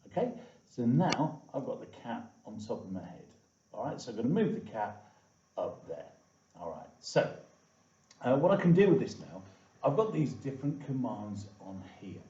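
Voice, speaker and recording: A man with a mellow, sing-song, mid-range voice walks viewers through a screen-recorded coding tutorial at a moderate pace, chatting and saying "okay" and "all right" a lot. The room sound is echoey, distant, dull, and lo-fi.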